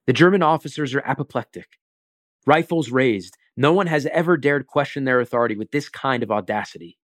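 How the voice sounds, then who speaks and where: A man narrating a documentary in a measured, dramatic scripted style. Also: mid-range voice, no room sound.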